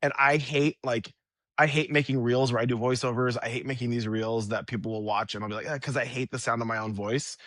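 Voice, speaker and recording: A man's voice: mid-range voice, fairly even intonation, a little fast, a bit bright, dry recording, clean studio sound. A man hosting a podcast in casual chat, joking and teasing his guest in self-deprecating banter. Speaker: podcast host.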